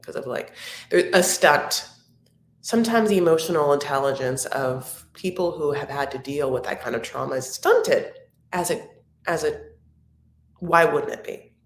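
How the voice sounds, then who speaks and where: Speaking in a low voice at a normal pace, this woman runs a live recap stream and chats easily with her viewers, going through their comments with affectionate rambling. It's recorded in a home room with a spacious echo.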